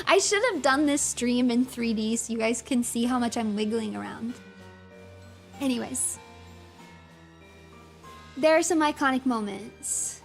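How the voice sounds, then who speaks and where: A fairly high-voiced woman gives excitable livestream commentary, gushing and laughing as she talks, with plenty of "like" and "um". Soft music plays quietly behind her. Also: normal speed, creaky, long pauses. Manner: excitable and gushing, laughs often, many fillers. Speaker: streamer.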